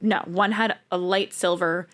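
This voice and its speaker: A woman's voice: on the low side, steady tone, a little slow, fairly bright tone. Chatty young woman co-hosting a podcast. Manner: chatty, riffs on ideas, laughs often. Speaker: podcast co-host. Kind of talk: casual chat.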